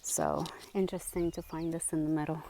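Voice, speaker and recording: A woman's voice: deep voice, little pitch movement, a little fast, warm tone, a little hiss or hum. A woman vlogging on a mountain trail, chatting to the camera in a casual, easily delighted way and sometimes short of breath from the climb. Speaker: hiking vlogger.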